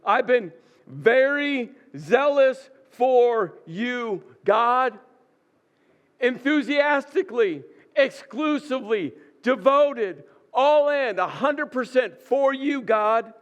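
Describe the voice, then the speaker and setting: A man's voice: high-pitched, slow, dull audio. A man voicing an exasperated, defensive male prophet who pleads his case and stresses his words. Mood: insistent.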